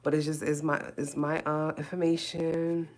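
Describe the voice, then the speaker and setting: A woman's voice: sits low, flat delivery, normal speed. A woman YouTuber and painter chatting casually on a livestream, emphatic and emotional, repeating her phrases over and over.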